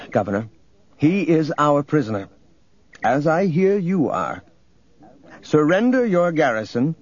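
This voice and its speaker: A firm young princess with a formal, commanding way of speaking, as a man reads her in an audiobook. The voice is lifted well above a plain male register but keeps a husky edge. The recording sounds dull and a little muffled. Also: a little high, a little mellow, pitched above the performer's own voice, full character voice. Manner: measured, formal diplomatic delivery.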